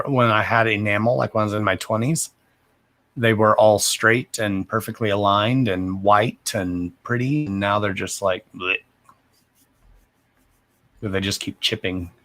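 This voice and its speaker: Guy in his 30s, kinda low voice, mumbly, cussing and rambling on a live card reading stream. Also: a bit bright. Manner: profane, rambling and self-deprecating. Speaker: card reader. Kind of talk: casual livestream chat.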